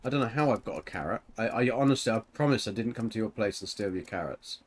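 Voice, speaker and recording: A man's voice: fairly low pitch, animated, fast. A man streaming a game and chatting casually with a teammate, rambling with lots of fillers and giggles. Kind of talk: casual chat while gaming.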